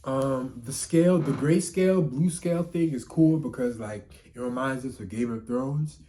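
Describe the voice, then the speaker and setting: A young man giving a casual spoken manga review, rambling with lots of filler words and frequent swearing, and swinging from subdued to excited outbursts. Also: mid-range voice, normal speed. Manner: emotional, rising to excited outbursts.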